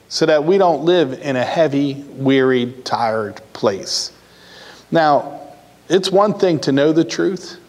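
A pastor delivers a sermon in an earnest, repetitive way, pausing and restarting as he builds his points. His voice sits at an ordinary middle pitch for a man. The sound carries a long reverb, as in a large hall. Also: a little mellow.

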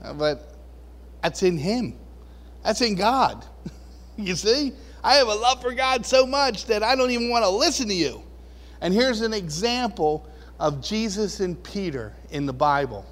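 A man's voice: sits high, lively intonation, unhurried, a bit bright. A man preaching a casual, conversational sermon, chuckling often and acting out the voices he quotes. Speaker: pastor. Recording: long reverb of a large hall.

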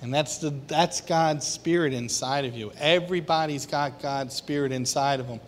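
A man's voice: a little high, moderate pace, slight background noise. A man preaching an informal sermon to a small group, conversational and laughing, acting out quoted voices. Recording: long hall reverb.

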